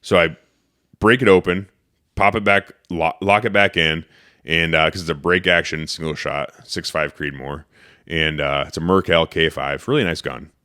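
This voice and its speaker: At an ordinary pace and with a rumbling low voice, a man hosting a podcast spins a casual, animated story, full of profanity and acted-out versions of his own lines.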